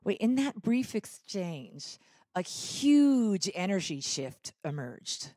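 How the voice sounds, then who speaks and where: A woman giving a church talk as guest speaker, telling a story in a gentle, reflective way that often drops soft. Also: mid-range voice, sing-song, slow, dry recording. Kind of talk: sermon storytelling. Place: church service.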